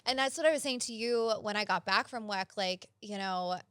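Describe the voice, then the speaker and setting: Young female co-host, casual rambling storyteller, mid pitch, dry close mic. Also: normal speed, fairly bright tone, clean tone, no echo. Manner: rambling, filler-heavy storytelling with lots of "like". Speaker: podcast co-host. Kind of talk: casual chat.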